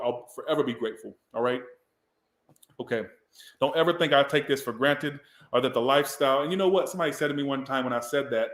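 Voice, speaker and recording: A man's voice: medium pitch, fairly bright tone, echoey room. A man from the Southern US, giving a casual, rambling tarot reading and swearing now and then. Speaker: tarot reader.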